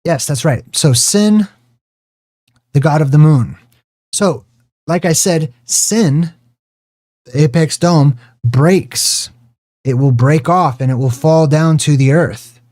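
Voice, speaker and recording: A man's voice: on the high side, darkish tone. A man hosting his own video, lecturing in a rambling way, drifting into tangents and stretching out key words for emphasis. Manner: drawn-out emphasis on single words. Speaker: video host. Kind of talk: rambling screen-share lecture.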